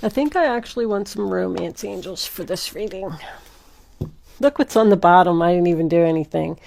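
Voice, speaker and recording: Woman, tarot reader talking to camera, emphatic and direct, with a mellow, dark-toned voice. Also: on the low side, moderate pace, gravelly, long pauses. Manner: emphatic, repetitive, addresses viewer directly. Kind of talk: casual tarot reading to camera.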